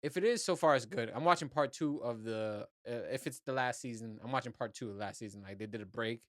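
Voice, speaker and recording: A man's voice: medium pitch, fast, dry recording, clean studio sound. A man hosting his own podcast, talking in a loose, rambling and profane way. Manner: rambling, profane, laid-back. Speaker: podcast host. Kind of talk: casual solo podcast monologue.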